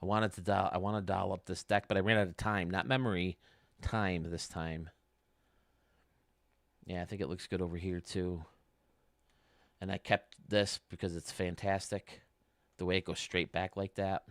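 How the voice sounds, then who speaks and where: Low-voiced man hosting a gaming stream. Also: fairly even intonation, moderate pace, long pauses, dry recording, clean studio sound. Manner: chatty, explains menus step by step. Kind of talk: casual livestream game walkthrough. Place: at home.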